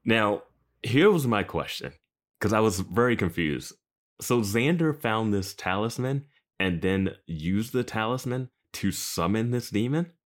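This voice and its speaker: A man's voice: fairly low pitch, expressive, a little slow. A man guesting on a podcast, chatty and asking questions in casual talk. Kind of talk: casual chat.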